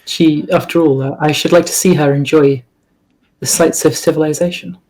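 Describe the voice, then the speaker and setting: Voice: mid-range voice, steady tone, normal speed, a crowd in the background, poor audio. A player speaking in character with a formal, haughty manner. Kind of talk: in-character role-play.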